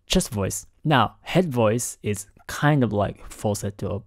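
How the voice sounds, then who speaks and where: Slow, careful man explaining singing. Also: lowish voice, no room sound, clean studio sound. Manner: careful, halting explanations with repeated words; keeps his voice down late at night. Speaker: host analyzing singing technique. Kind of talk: explanatory commentary.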